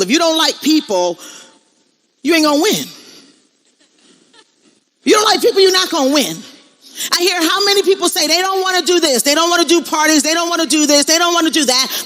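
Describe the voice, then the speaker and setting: Middle-aged lady doing a motivational speech, punchy preachy delivery, bright forceful voice. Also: sits high. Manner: emphatic, preachy, repeats lines for the crowd. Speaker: motivational speaker. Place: on stage at an event.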